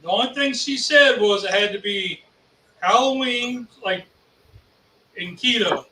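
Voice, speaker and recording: High bright man, far and echoey. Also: animated, unhurried, a little hiss or hum. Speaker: co-host cook. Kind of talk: casual live cooking chat. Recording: distant echoey room mic.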